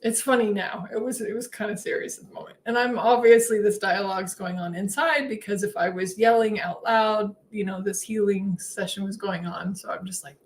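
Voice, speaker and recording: A woman's voice: a little fast, few pauses, a little hiss or hum. A woman hosting a spiritual livestream, telling her story casually and animatedly with frequent laughs. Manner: chatty, laughs often between sentences; animated, swings her voice up high when acting out her own replies.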